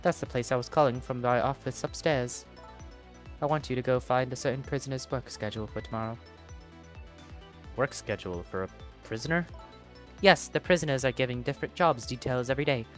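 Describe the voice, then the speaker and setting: A streamer reading a game's dialogue aloud and joking and swearing between lines. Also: medium pitch. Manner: reads characters' lines, then jokes and swears in between. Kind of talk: playing a game and voicing its dialogue aloud.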